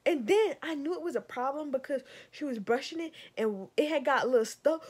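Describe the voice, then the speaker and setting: A woman's voice: high-pitched, fairly quick, hardly any pauses. Exasperated woman vlogging. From Savannah, Georgia. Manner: animated, exasperated, addresses viewers as y'all. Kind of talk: storytime rant.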